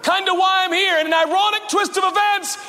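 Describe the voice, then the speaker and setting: A man preaching a sermon, animated, swinging from shouting to quiet with playful asides. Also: very high-pitched, a little fast. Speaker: pastor. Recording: long hall reverb, faint background noise.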